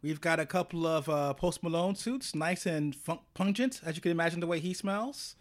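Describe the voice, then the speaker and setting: A man with a high voice co-hosts a loose, comedic chat. He jokes quickly and keeps stammering into restarts. His delivery is loose and conversational. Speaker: podcast co-host.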